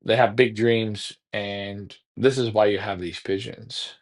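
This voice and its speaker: A man's voice: lowish voice, steady tone, unhurried. Trash-talking man hosting. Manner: taunting, repetitive trash talk. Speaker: pigeon racing show host. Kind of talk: casual livestream talk.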